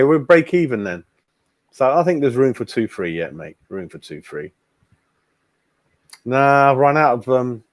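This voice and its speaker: A man's voice: mid-range voice, no echo. A man hosting a casual fan live stream, chatting bluntly and calling everyone mate. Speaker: fan channel host.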